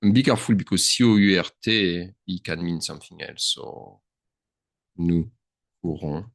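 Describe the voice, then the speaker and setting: A man, his voice pitched very low, teaches a grammar lesson in a loose, chatty way. He thinks out loud and drops words into his English. The sound is dry and close, with no room echo. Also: a little slow. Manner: chatty, thinks aloud, mixes French into English. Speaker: French teacher. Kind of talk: screen-share grammar lesson.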